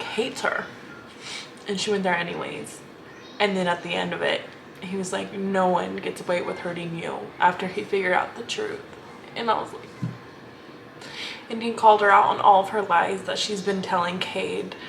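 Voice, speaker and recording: A young woman vlogging about her reading in an easygoing, unscripted way. She gushes and rambles, stringing thoughts together with constant fillers. Her voice sits at an everyday middle pitch. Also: steady tone, moderate pace, vocal fry, long pauses, noisy background. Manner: gushing, rambling, many "like" fillers. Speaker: book vlogger. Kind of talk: casual reading vlog chat.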